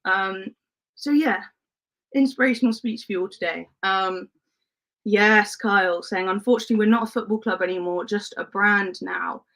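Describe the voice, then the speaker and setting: A woman talking casually on a live stream as she reads out and answers her viewers' comments. She talks in a chatty way with lots of fillers and quick laughs, and she gets heated when something matters to her. Her voice sits at an ordinary middle pitch for a woman. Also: a bit bright, low-quality recording. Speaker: football channel host reading live chat.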